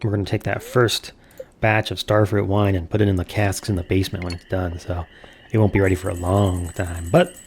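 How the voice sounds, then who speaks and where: A man's voice: sits low, level tone, brisk, a little mellow, a little hiss or hum. A man giving casual, profane, self-mocking let's-play commentary as he plays a farming game. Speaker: gaming streamer.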